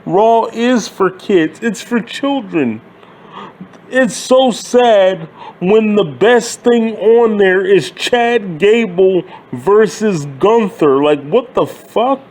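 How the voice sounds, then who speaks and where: High-voiced man ranting, slow and profane. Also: animated, darkish tone. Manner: exasperated, swearing, sarcastic. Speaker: wrestling commentary channel host. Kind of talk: profane wrestling rant.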